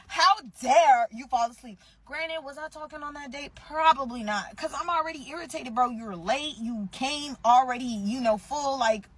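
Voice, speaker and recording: A woman in her twenties ranting through a storytime to her viewers, animated and profane. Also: fairly high pitch, breathy edge, low-quality recording. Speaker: vlogger. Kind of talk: casual storytime rant.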